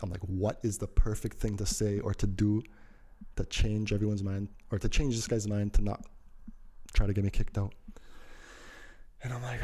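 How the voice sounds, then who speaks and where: Young male storyteller, casual and rambling, slangy, mellow low voice. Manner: rambling, slangy, acts out quoted lines.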